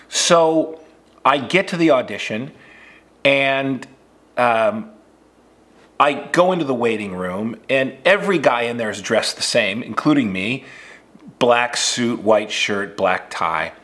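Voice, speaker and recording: Relaxed man coaching actors. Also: mid-range voice, slow. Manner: relaxed, conversational, with frequent fillers. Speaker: acting coach. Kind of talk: casual instructional storytelling.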